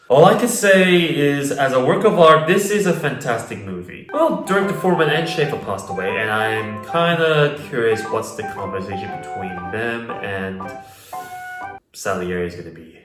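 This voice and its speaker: A man giving a casual video lecture, animated and opinionated, with loose slang. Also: medium pitch, normal speed. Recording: roomy echo, faint background music.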